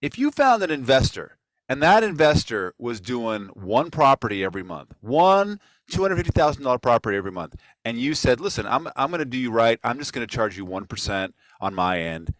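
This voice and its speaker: A man's voice: medium pitch, sing-song, fairly quick, dry recording, rough recording. A man hosting a casual online real estate talk, making blunt, emphatic points. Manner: emphatic, preachy opinions. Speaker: podcast host.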